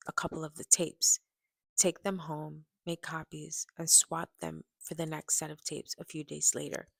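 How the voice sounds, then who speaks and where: A woman reading a first-person memoir aloud, turning dramatic and louder in the quoted scenes. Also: deep voice, gravelly, no echo. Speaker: audiobook reader.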